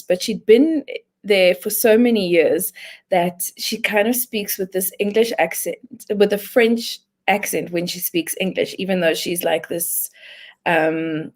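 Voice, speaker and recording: A woman co-hosting a radio show, telling a story in a giggly, chatty way. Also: on the low side. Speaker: radio co-host. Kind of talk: casual radio chat, storytelling.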